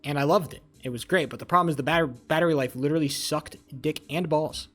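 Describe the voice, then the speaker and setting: A man's voice: fairly high pitch, quick pace, soft background music. A young man chatting casually with his live-stream viewers, rambling, swearing and joking as he reads chat. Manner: rambling, profane, jokey, talks to chat.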